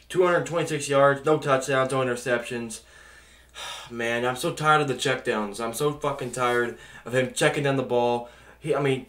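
A man's voice: medium pitch, fairly bright tone. A man ranting angrily as a sports fan, exasperated, swearing and sighing as he vents about his team. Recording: echoey room.

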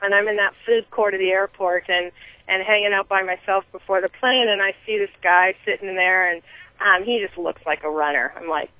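Woman guest, animated storyteller, restarts a lot; dull dry recording. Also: medium pitch, a little fast, no echo. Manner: animated storytelling with many restarts and acted-out quotes. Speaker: guest runner. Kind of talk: telling a story on a podcast.

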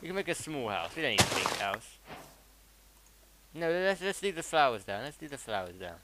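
A man's voice: mid-range voice, sing-song, a little fast. Chatty male streamer. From south of England. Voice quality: chatty, rambling, reads and answers chat. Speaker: game streamer. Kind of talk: casual live-stream commentary while gaming. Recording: loud background noise with mouse clicks.

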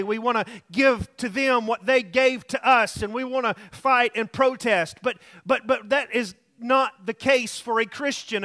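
A man's voice: extremely high pitch, sharp tone. A male pastor preaching alone in a room, earnest and repetitive, telling anecdotes. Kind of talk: sermon.

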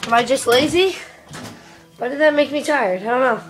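A woman's voice: high-pitched, normal speed, long pauses, soft background music. A young woman chatting casually to her camera for a vlog, giggly and given to casual swearing, filming herself indoors and then out in a windy yard. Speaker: vlogger.

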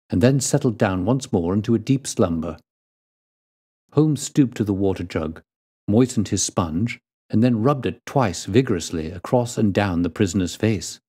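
A man reading a classic detective story aloud as storyteller, in a measured and deliberate way. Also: on the low side, mellow, husky.

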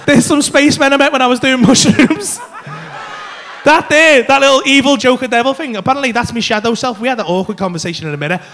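A man doing an animated, sweary stand-up routine in a comedy club, with loud outbursts. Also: very high voice, fast, soft background music.

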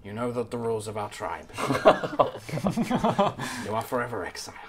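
A man voicing a stern but fatherly old kobold king in a tabletop game, with low, hushed, solemn speech. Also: moderate pace, heavy background noise, natural voice.

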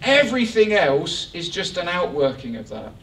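A man preaching a lively, joking sermon to his church congregation. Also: sits high, normal speed, vocal fry. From England. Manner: animated, joking, rising excitement. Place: church hall. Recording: echoey church hall from far off.

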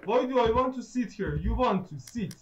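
A man's voice: extremely high pitch, lively intonation, normal speed, muffled recording, slight background noise. A man giving let's play commentary on a horror game, jumpy and swearing, sarcastically greeting the monsters that jump out at him. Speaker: gaming YouTuber.

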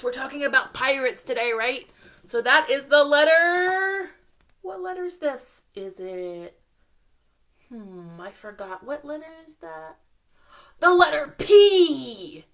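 A woman leading a live storytime for young children, slow and sing-song, encouraging them and asking them questions. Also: a little high, a bit bright. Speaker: children's librarian. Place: library storytime, streamed live.

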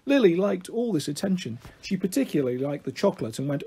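A man reading a children's novel aloud in an expressive, animated way. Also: on the high side, fairly quick, breathy edge. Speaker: storyteller.

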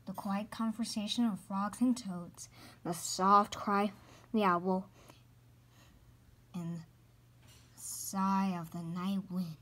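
A woman reading a children's picture book aloud, slowly and carefully, with a few stumbles and hushed passages. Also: mid-range voice, fairly even intonation. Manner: slow and careful, some stumbles, hushed at quiet parts. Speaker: storybook reader.

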